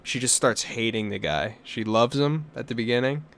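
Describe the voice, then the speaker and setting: A man's voice: medium pitch, normal speed, vocal fry. A young man co-hosting a podcast, telling stories and ranting with lots of swearing in casual chat. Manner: profane, animated storytelling with rants. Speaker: podcast co-host.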